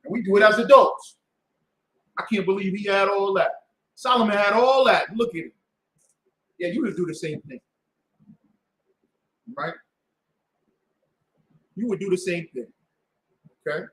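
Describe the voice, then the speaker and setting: A man's voice: sits high, a little slow, pauses often, a bit bright. A man teaching a Sabbath class, preaching with rhetorical questions and call-and-response to the room. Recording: echoey room.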